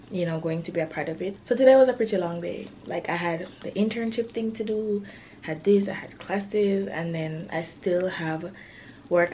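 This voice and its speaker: A young college woman talks casually to her camera, her voice sitting a little low. She rambles in a chatty, open way, leaning on "like" and sounding a touch self-conscious. A faint hiss runs underneath. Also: a little mellow. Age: young adult. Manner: chatty, peppered with "like". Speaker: college student vlogger. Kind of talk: casual vlog chat to camera.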